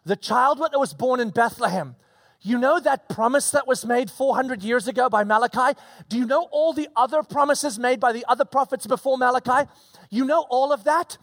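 A man preaching a casual expository sermon, animated and conversational with slangy asides. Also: extremely high pitch, moderate pace, no echo.

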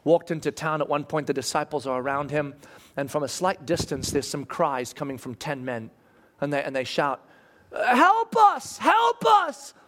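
A man preaching a sermon, telling a story in a lively, conversational way. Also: mid-range voice, normal speed. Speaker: pastor.

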